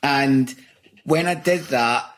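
A Scottish comedian chatting casually over a video call, rambling and self-deprecating, laughing often. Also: male voice, medium pitch, slow, fairly bright tone. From Scotland. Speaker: comedian guest. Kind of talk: casual chat.

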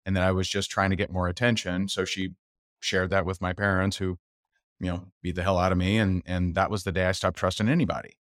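A man guest on a podcast, telling personal stories candidly and acting out other people's lines in lively voices. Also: low voice, fairly quick, no echo, studio quality. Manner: animated storyteller who acts out other people's voices. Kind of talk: candid interview storytelling.

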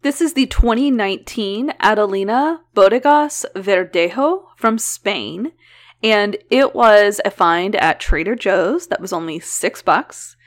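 A woman's voice: medium pitch, expressive, measured pace. A woman co-hosting a podcast, chatting casually and animatedly, often laughing. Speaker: podcast co-host. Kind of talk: casual chat.

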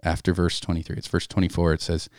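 A man with a low, deep voice speaks slowly and reflectively about faith. The sound is dry and close, with no room around it. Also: completely flat delivery, dry recording. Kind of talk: casual faith conversation, reading scripture.

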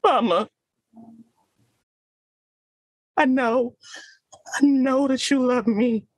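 A woman's voice: sits high, takes it slowly, dry recording, voice pushed up, low-quality recording. A woman performing a dramatic monologue as a grown daughter wounded by her mother's love, pleading and rising into anguish.

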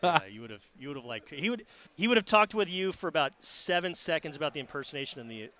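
A man's voice: fairly high pitch, expressive, fast talker, bright, forceful tone. A man hosting a casual sports interview, friendly and eager with his guest.

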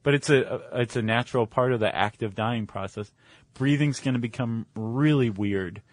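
A man's voice: medium pitch, moderate pace, no room sound. A man co-hosting a podcast, explaining in casual chat with fillers and restarts. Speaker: podcast co-host.

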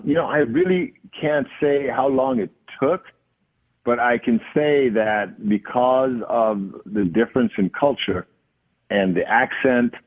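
A man with a Jamaican accent, a guest in a casual interview, telling stories in a relaxed way with many fillers. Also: medium pitch. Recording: phone-line audio.

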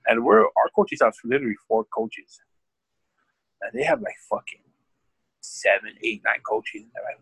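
A man telling a rambling, profane story about coaching high school football, speaking in a casual podcast chat. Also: big pitch swings, brisk, creaky, fairly bright tone, breathy edge, no room sound, rough recording. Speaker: podcast guest.

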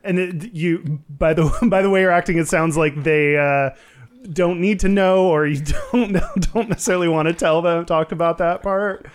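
A soft-spoken man runs the interview. He asks gentle follow-up questions and murmurs short replies. His voice sits slightly high. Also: steady tone, moderate pace, clear, resonant tone.

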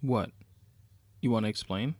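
A man's voice: lowish voice, measured pace, background noise, lightly acted. A man voicing a vengeful, sarcastic woman, a murderous former nurse who taunts her captive. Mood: sneering. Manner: sneering, taunting, menacing.

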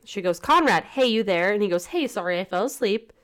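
A woman's voice: medium pitch, animated, brisk, fairly bright tone. A woman co-hosting a casual talk podcast, speaking earnestly and reading text messages aloud in a plain voice. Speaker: podcast co-host.

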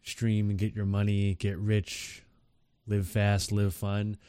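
A man's voice: fairly low pitch, completely flat delivery, slow pace, dark tone, smooth, dry recording. A man co-hosting a casual podcast, hesitant with stammering restarts and dry humor. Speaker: podcast co-host. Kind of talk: casual news chat.

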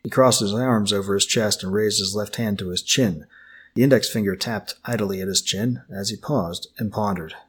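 A man reading a novel aloud as an audiobook in a steady, expressive way. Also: fairly low pitch, moderate pace, breathy edge. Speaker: narrator. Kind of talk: audiobook narration.

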